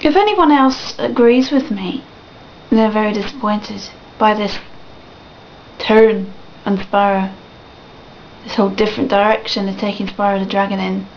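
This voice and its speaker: A woman's voice: medium pitch, unhurried, slight background noise. A young woman ranting animatedly on a video blog, swearing and laughing often. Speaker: vlogger. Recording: dull lo-fi webcam audio.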